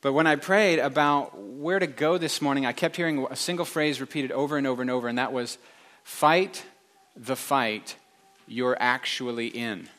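A middle-aged male pastor preaches in a loose, conversational way. He corrects himself mid-sentence and slips in dry, wry remarks. His voice sits a little higher than most men's. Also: quick pace, hardly any pauses, fairly bright tone. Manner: rambling, self-correcting, wry asides. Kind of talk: conversational sermon.

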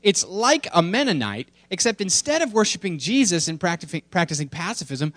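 Rich: A man putting on a cheeky little cartoon girl, pitched high and squeaky, and bursting with eager, rapid questions. Her voice sounds dry and close. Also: sing-song, fairly bright tone, no echo.

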